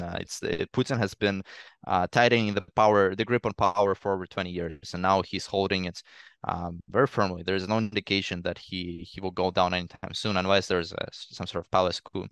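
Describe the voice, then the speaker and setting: Deep-voiced young man, earnest. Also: fairly even intonation, a bit bright, clean tone, dry recording. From Eastern Ukraine. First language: Russian. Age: young adult. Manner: earnest, explanatory, thinks aloud with pauses. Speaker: podcast guest. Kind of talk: interview answer.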